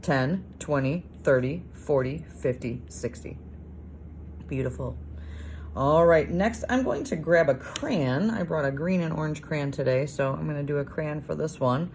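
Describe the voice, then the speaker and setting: Low-voiced lady teacher walking little kids through homework, slow sing-song sounding out, lots of praise, bit of hiss behind. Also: darkish tone. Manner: encouraging, praising. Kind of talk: recorded homework lesson for young children.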